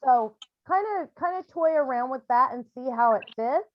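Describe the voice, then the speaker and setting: A woman's voice: high voice, lively intonation, normal speed, muffled recording, slight background noise. A woman who works as a medium, talking casually and with energy as she leads a grief support call, acting out scenes in other voices. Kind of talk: casual video call counselling. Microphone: video call.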